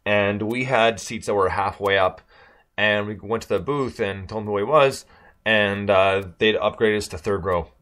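Low-voiced man telling a rambling story. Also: moderate pace, fairly bright tone. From Michigan. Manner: rambling, many fillers and restarts, laughs while telling. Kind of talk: casual storytelling chat.

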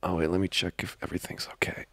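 A young man voicing a needy, playful boyfriend in a whispered role-play, speaking in soft, intimate whispers broken by giggles. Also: low voice, little pitch movement, rapid-fire, dry recording. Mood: playful, coaxing. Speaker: ASMR role-play creator.

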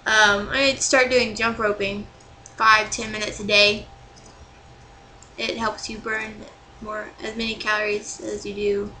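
A woman's voice: mid-range voice, level tone, measured pace, sharp tone, slight background noise, rough recording. A young woman talking casually to camera in a vlog, rambling and exasperated, still angry and swearing freely. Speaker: vlogger.

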